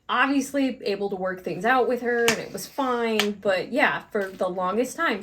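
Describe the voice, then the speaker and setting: A woman co-hosting a podcast, telling a workplace story in a frank, animated way and swearing casually. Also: mid-range voice, background noise. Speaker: podcast co-host.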